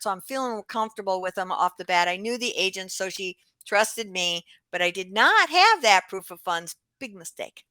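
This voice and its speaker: A woman real estate agent, a podcast guest, telling a story in a chatty, lively way and acting out the other people's lines. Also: medium pitch, no echo. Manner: chatty, lively, acts out dialogue with quoted voices. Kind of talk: animated storytelling in an interview.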